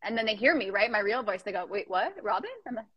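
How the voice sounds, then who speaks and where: A woman's voice: medium pitch, lively intonation, fast, slightly rough, no room sound, highs cut off. A young woman from Canada hosting a casual chat, playful and riffing on silly ideas. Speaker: podcast host.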